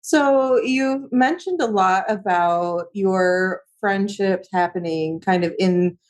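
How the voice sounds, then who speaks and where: A woman's voice: mid-range voice, takes it slowly. Woman co-host asking careful questions. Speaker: podcast co-host. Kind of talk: conversational podcast interview.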